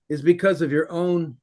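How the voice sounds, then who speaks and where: Blunt, animated man teaching, laughing often. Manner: animated, laughs often, swoops up high when mimicking others; blunt, swears casually. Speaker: spiritual teacher. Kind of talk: conversational teaching in an interview.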